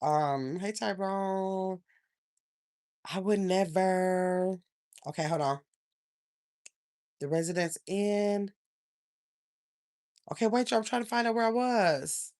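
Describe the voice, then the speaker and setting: A woman's voice: mid-range voice, slow pace, pauses often, a little mellow. An older woman chats casually on a livestream. She rambles, stops to search for things, and calls her viewers y'all. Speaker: channel host.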